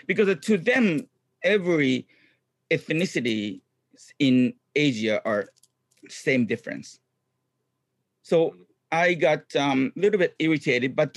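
A middle-aged man, a guest chatting in an interview in upbeat, halting English full of ums. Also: mid-range voice, no room sound, studio quality. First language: Japanese. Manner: upbeat, frequent ums, non-native phrasing. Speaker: guest, clown comedian and actor. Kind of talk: casual interview chat.

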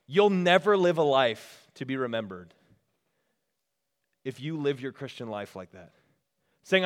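A man's voice: mid-range voice, expressive, unhurried, long pauses, in a large hall. A man giving a casual, storytelling sermon at a retreat, talking straight to the crowd. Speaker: retreat speaker. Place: retreat meeting room.

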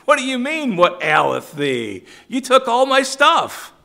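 A preacher slips into a wronged man's voice, high and whining as he protests that his handmade gods were stolen. The complaint comes out loud and indignant, swinging up and down in pitch. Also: sing-song, moderate pace. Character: aggrieved man robbed of his idols, whiny.

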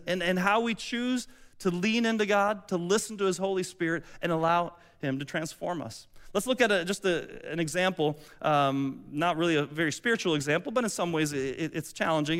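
A man's voice: sits high, fairly bright tone, clean tone. A man pastor giving a sermon in a conversational, chatty way, with many asides and restarts.

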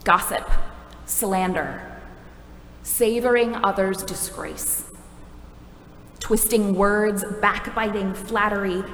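A woman's voice: mid-range voice, takes it slowly, pauses often, a bit bright, a little hiss or hum. A woman preaching a sermon in a conversational, wry, self-deprecating way. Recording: echoey hall from a distance.

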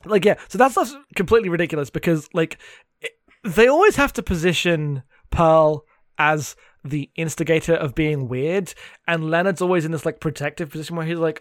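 A man's voice: on the high side, brisk, no room sound, studio quality. A man co-hosting a casual book discussion, sarcastic and swearing freely as he mockingly acts out the characters. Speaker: podcast co-host.

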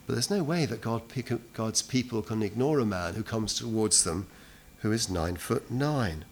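A man's voice: mid-range voice, a bit bright. A man preaching an expository sermon in a conversational way, often putting rhetorical questions to his listeners.

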